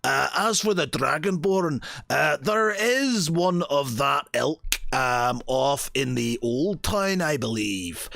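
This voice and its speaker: A man's voice: fairly high pitch, big pitch swings, slow, creaky, hardly any pauses, a bit bright, dry recording, full character voice. A man voicing a friendly, fatherly male townsman who speaks hesitantly. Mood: obliging. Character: friendly male townsman, calls others lad.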